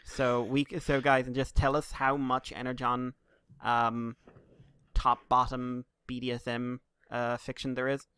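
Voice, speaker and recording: A man's voice: mid-range voice, completely flat delivery, unhurried, clear, resonant tone, no room sound, studio quality. A man co-hosting a podcast, chatting loosely and joking around. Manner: joking, loose, with bursts of loud silly voices. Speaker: podcast co-host. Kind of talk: casual chat.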